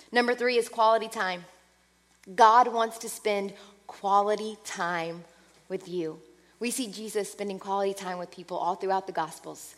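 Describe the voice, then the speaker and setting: A woman preaching a sermon earnestly, moving between lively passages and soft, hushed ones. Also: mid-range voice, big-room sound.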